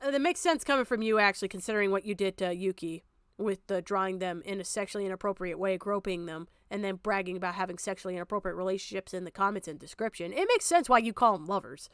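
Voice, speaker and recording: A woman's voice: mid-range voice, expressive, fast talker, a bit bright, clear, resonant tone, no room sound, clean studio sound. A young woman streamer giving angry, profane reaction commentary, ranting hard and breaking into laughter.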